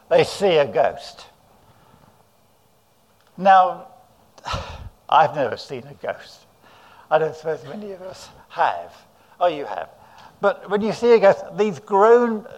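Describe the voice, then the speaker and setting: An English preacher delivers his sermon at an unhurried pace. His voice sits a little high for a man, and he acts out the characters' words as he goes. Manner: dramatic storytelling, voices the disciples' cries.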